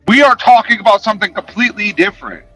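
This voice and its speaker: A man's voice: high-pitched, animated, fast talker, pushed and bright, faint music behind, poor audio. A man ranting to his chat on a livestream, profane, confrontational and sarcastic. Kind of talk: casual livestream rant.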